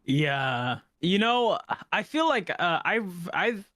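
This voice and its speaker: A man's voice: high voice, very animated, takes it slowly, sharp tone, no room sound. Casual man hosting, dry close sound. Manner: loose, profane, reflective. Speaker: podcast host. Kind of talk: casual podcast chat.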